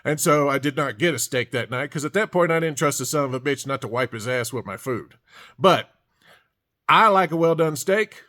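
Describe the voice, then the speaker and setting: A man tells a casual, rambling story, repeating words and circling back as he goes. His voice sits a bit higher than most men's. The delivery is loose and folksy. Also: animated, moderate pace, sharp tone. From Alabama. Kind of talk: casual anecdote told to camera.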